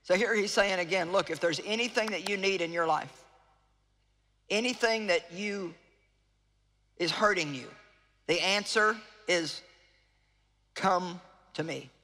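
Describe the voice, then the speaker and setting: A woman's voice: on the low side, measured pace, long pauses, bright, forceful tone. A woman preacher giving an evangelistic sermon to a live audience in a large hall, earnest and pleading, repeating phrases for emphasis. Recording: long reverb of a large hall.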